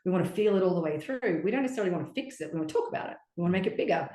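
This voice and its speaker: This is a woman chatting as a podcast guest. Her voice sits slightly low, and she talks with expressive, lively energy, often acting out little quoted voices. The sound is echoey, as if she is in a bare room. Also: rapid-fire. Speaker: podcast guest, relationship coach. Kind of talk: casual podcast conversation.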